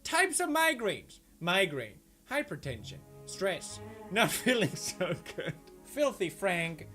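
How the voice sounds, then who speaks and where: A man with a bright, forceful voice riffs through a comedic meme review, dry and sarcastic one moment and yelling in mock outrage the next. Faint music plays under him. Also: high voice, wildly swooping pitch, slow pace. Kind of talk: comedic commentary.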